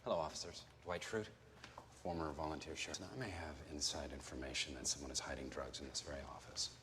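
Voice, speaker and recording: An actor playing an intense, self-serious office worker in a sitcom, speaking in a rigid, earnest, officious way. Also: male voice, a bass voice, fairly even intonation, quick pace, noisy background.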